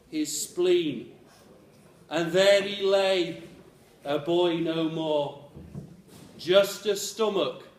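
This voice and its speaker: A man with a Birmingham accent reciting a comic rhyming poem in a school hall, slow and deliberate. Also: high-pitched, distant mic. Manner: slow, deliberate storytelling with put-on voices. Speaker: poetry performer. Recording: echoey hall with faint background noise.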